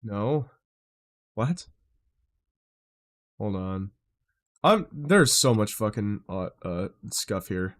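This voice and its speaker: A man's voice: on the low side, very animated, drawn-out words, pauses often, a bit bright. Frustrated streamer man muttering. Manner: frustrated, swearing, muttering to himself. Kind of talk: live stream setup chatter.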